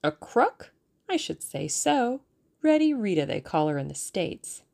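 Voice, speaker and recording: A woman's voice: medium pitch, very animated, a little slow, creaky, a little mellow, exaggerated voice. A woman reading a bold, playful young woman who poses as a detective, speaking theatrically and conspiratorially.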